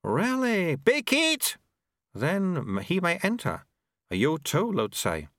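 Squeaky little toddler abbot babbling away, sing-song and bouncy, as a man reads him, dry close audiobook sound. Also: huge pitch swings, slow, a bit bright, no echo, heavily acted. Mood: babbling, serene. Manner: high babbling baby talk. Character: toddler abbot, small, babbling yet wise. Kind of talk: audiobook character voice.

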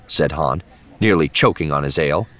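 A man narrating an audiobook in a measured, expressive way. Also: rumbling low. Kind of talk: scripted narration.

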